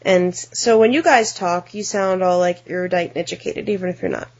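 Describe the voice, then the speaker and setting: A young American woman co-hosting a podcast in casual chat, talking quickly with many fillers and restarts. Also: lowish voice, a little mellow. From United States. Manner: chatty, many fillers and restarts, acts out silly voices. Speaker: podcast co-host and editor. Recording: somewhat dull lo-fi audio.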